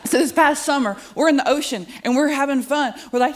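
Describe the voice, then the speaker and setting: A woman's voice: sits high, quick pace, hardly any pauses. A middle-aged woman with a drawl works a stand-up set on a handheld stage mic. She is sassy and self-mocking, and she keeps chatting straight to the crowd. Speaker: stand-up comedian. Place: comedy club studio with live audience.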